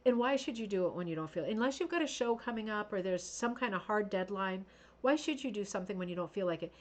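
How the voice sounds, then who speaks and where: A woman's voice: mid-range voice, lively intonation, fast talker. A woman hosting a craft livestream, chatting casually and gushing over viewers' work. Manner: chatty and gushing, with many fillers and asides. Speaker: host of a craft show livestream.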